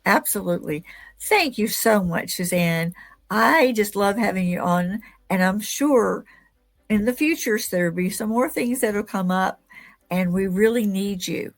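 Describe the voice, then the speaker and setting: A woman's voice: mid-range voice, expressive, a little slow. A woman hosting an interview podcast who often murmurs agreement and speaks with enthusiasm. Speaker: podcast host.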